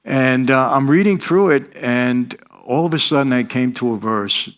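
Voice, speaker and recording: A man's voice: medium pitch, moderate pace, a bit bright. A middle-aged man, telling his life story in earnest, confessional style as an interview guest. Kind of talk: interview testimony.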